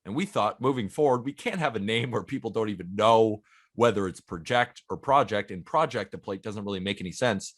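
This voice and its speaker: A man's voice: lowish voice, fast talker. A man in his twenties co-hosting a casual podcast, earnest and eager, talking in long runs. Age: 20s. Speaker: podcast co-host.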